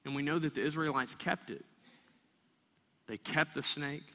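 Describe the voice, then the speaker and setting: A man preaching a sermon, animated and storytelling, acting out the voices of the people in the story. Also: fairly high pitch, moderate pace, long reverb tail. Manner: animated, acts out voices of complaining people and kids. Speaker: pastor.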